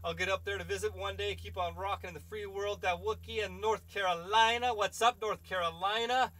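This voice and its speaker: A man's voice: sits high, fairly even intonation, fairly quick, bright, forceful tone. A man hosting a live stream, reading chat questions and rambling through opinionated casual answers.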